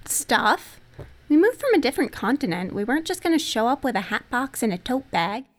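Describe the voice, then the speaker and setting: A woman's voice: high voice, sing-song, brisk. An actress playing a quirky, chatty young woman with a playful way of talking.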